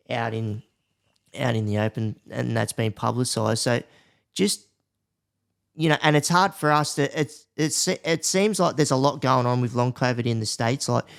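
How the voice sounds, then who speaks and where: Gravelly man hosting a podcast. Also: mid-range voice. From Australia. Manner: friendly, loose questions with laughs. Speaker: podcast host. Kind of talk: casual interview.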